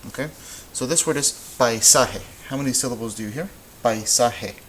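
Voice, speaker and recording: A man teaching Spanish in a relaxed, patient way, thinking aloud as he works through examples. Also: medium pitch, moderate pace, slight background noise, poor audio. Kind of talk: informal classroom explanation.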